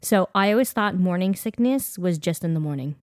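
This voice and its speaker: A woman's voice: fairly low pitch, fairly quick, no room sound, clean studio sound. Chatty Canadian woman co-host. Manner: chatty and animated, laughs often. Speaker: podcast co-host. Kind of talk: casual chat.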